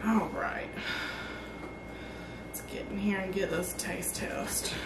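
A woman hosting a casual barbecue cooking vlog, chatty and excited as she cooks and tastes the food. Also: medium pitch, takes it slowly, roomy sound, distant mic, very noisy. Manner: excited, chatty, talks while tasting. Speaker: barbecue channel host.

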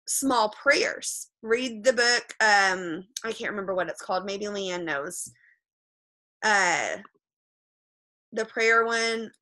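A woman's voice: on the high side, bright, forceful tone, poor audio. A woman giving a motivational pep talk to a group over a video call, emphatic and repetitive, blunt and sometimes swearing, often checking in with "okay?". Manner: frank, with mild swearing. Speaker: motivational speaker addressing a group.

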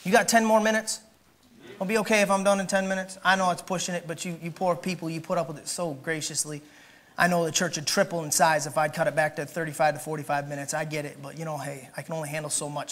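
Man in the pulpit, bright and forceful, who builds to shouts and then drops to low asides while checking the room. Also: fairly even intonation, fast talker. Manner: swings from shouted emphasis to quiet, joking asides; asks the congregation questions directly. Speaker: pastor. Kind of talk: sermon. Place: church.

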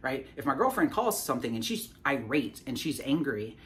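A man's voice: medium pitch, very animated, moderate pace, fairly bright tone. A man giving a casual sales coaching talk to the camera, often tagging his points with "right?" and repeating words as he restarts.

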